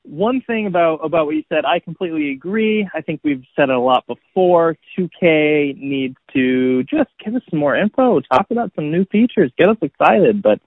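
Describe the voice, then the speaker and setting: A man's voice: a little high, lively intonation, moderate pace, hardly any pauses, dry recording. Wry man on a tinny line. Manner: wry, teasing, laughs easily. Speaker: podcast co-host. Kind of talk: casual gaming podcast chat.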